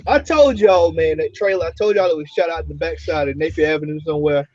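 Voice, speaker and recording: A man hosts a loose roundtable, his voice a touch high and husky. He talks in animated, repetitive bursts. The audio is dull and lo-fi. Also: fast, hardly any pauses, soft background music. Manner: animated, laughing, repeats words often. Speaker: podcast host. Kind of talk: casual roundtable chat. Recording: dull lo-fi recording.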